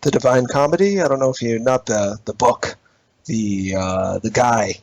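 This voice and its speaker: A man's voice: medium pitch, normal speed, darkish tone, no echo. A man co-hosting a comedy podcast, chatting with a dry, wry humor. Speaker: podcast co-host. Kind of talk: casual comedic chat.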